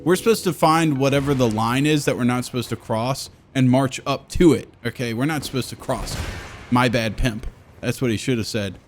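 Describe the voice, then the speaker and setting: A man's voice: medium pitch, normal speed. A young adult man rambling casually as a streamer, crude and joking, swearing freely and slipping into playful silly voices.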